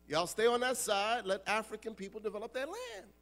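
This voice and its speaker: An American man giving a lively, joking youth lecture as an imam, acting out voices for the crowd. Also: sits high, a little fast, faint music behind. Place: large conference hall.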